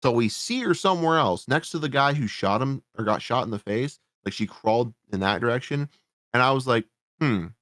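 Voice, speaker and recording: A man's voice: medium pitch, lively intonation, a little fast, a bit bright, no echo, studio quality. A man hosting a podcast, reviewing a horror movie in a casual, sarcastic, rambling way, swearing often. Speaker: podcast host.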